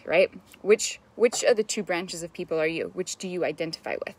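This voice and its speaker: A woman's voice: fairly low pitch, moderate pace, few pauses, slight background noise. A young adult woman, a business mentor, giving an enthusiastic, chatty live-stream coaching talk, greeting viewers and swearing now and then.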